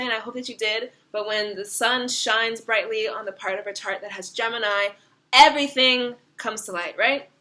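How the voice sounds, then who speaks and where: A young woman giving a casual, animated tarot reading, swearing freely and laughing often. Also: a little high, normal speed. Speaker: tarot reader.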